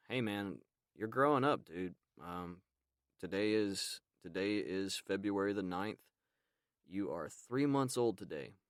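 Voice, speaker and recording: A man hosting a podcast, talking tenderly to his baby son in a rambling, casual way with frequent pauses. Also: low-pitched, smooth, dry recording, clean studio sound. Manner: warm, rambling, with frequent ums and soft laughs. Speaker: podcast host and father.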